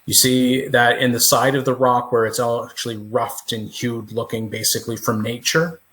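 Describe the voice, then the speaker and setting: A man's voice: medium pitch, little pitch movement, moderate pace, a bit bright. Laid-back male game master. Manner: laid-back, describes scenes with loose fillers. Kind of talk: narrating a tabletop game.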